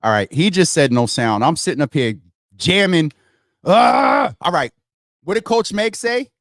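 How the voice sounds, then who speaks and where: A man hosting a casual livestream, thinking out loud as he works through technical problems and talking straight to his viewers, calling them y'all. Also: a little high, animated, normal speed, no echo, studio quality. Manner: thinks out loud while fixing tech problems. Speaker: livestream host.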